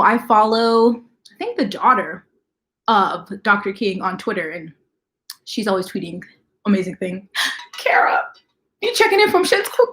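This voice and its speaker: Fast-talking, chatty woman livestream host. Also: fairly high pitch. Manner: talks fast, chatty, greets viewers by name. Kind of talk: casual livestream chat.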